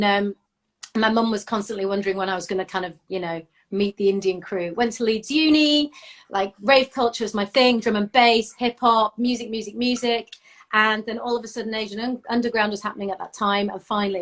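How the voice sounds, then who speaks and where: A woman from Bradford with a Yorkshire accent, chatting casually on a live video call and telling lively stories, swearing now and then. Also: medium pitch. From Bradford, England. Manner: lively storytelling, swears freely. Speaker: interview guest. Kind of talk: casual chat. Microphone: phone or laptop on a live video call.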